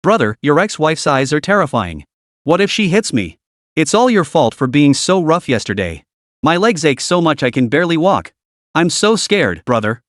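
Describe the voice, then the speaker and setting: A man's voice: fairly high pitch, very animated, moderate pace, no echo, clean studio sound. A man voicing a sugary fake-innocent young woman. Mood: sugary, whiny. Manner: coquettish, whiny, sugary.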